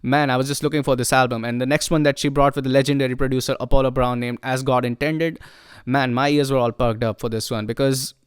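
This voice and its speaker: A man with a slightly high, smooth and clean voice talks through his favourite records in an easygoing, enthusiastic way. He rambles a little, leaning on casual fillers as he goes. The sound is close and dry, with no room around him. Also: dry recording. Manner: enthusiastic, loose, frequent "you know" and "like" fillers. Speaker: music reviewer. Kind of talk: casual spoken album review.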